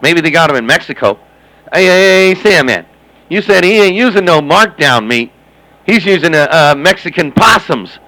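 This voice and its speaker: A man's voice: fairly high pitch, lively intonation, normal speed, pushed and bright, poor audio. A man chatting and joking over CB radio, repeating himself and calling out to other operators by handle. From Southern California.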